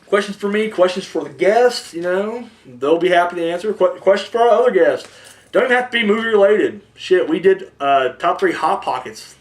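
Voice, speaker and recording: Young male podcast host, high and lively, rambling and profane, animated storyteller. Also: moderate pace. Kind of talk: casual chat.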